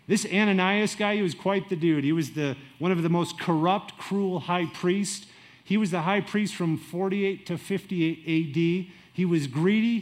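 A middle-aged man preaching with a fairly high voice. His delivery is lively, rising loud and dropping quiet, and he acts out little asides as he goes. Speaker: pastor. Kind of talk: sermon.

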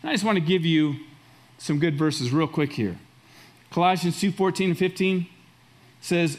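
Emphatic higher-voiced male pastor. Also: very animated, moderate pace. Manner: emphatic, repeats phrases for stress. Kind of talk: sermon.

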